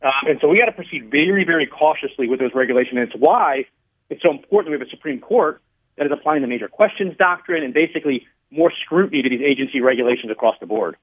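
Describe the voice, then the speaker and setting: A man with a fairly high voice speaks as a radio guest and explains a policy in a measured way. He comes through a thin, tinny phone line. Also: animated. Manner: measured, explanatory, tells stories to make points. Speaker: radio guest, regulatory commissioner.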